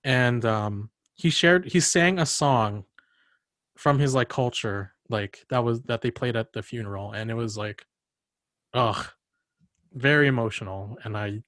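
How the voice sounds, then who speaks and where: A man's voice: medium pitch, unhurried, fairly bright tone, no room sound. Chatty young man with a dry close sound. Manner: rambling storyteller, many fillers and laughs. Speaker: podcast host. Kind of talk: casual chat.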